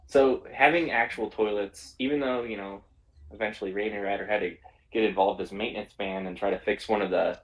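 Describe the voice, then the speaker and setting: A man's voice: on the low side, fairly even intonation, a little fast, rough recording. A man co-hosting a podcast, talking in a rambling, hesitant way with many fillers. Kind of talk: casual chat.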